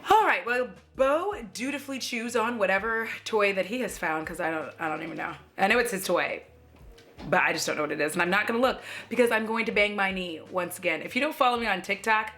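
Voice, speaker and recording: A woman's voice: medium pitch, fast talker, bright, forceful tone. An American woman chatting casually to camera as a beauty vlogger, joking and swearing freely as she reviews makeup. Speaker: beauty YouTuber.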